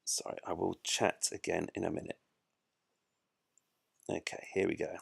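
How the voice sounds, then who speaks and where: A man's voice: deep voice, level tone, normal speed, vocal fry, slightly rough, no room sound. A man giving chatty, self-mocking live commentary while he plays a space game. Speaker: gameplay streamer.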